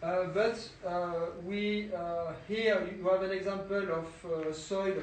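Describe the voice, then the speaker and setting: French-accented man, halting. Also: high voice, steady tone, slight background noise, low-quality recording. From France. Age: young adult. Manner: halting, many filler sounds and restarts. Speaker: winemaker giving a vineyard tour. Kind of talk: casual guided talk. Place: outdoors in a vineyard.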